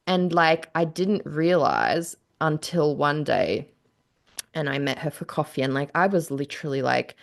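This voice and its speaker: Low-voiced woman telling a candid story. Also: lively intonation, unhurried, creaky. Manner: candid storytelling, heavy on "like", acts out quotes. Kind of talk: casual chat.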